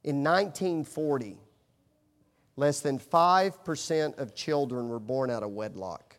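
A middle-aged pastor, a man, preaching with animated storytelling that swings from hushed to loud. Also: mid-range voice, measured pace. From United States. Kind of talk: sermon.

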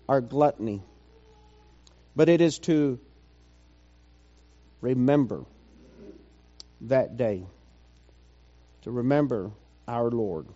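A man preaching a sermon, slow and measured, building to fervent intensity and then dropping low and quiet. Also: long reverb tail, lo-fi sound.

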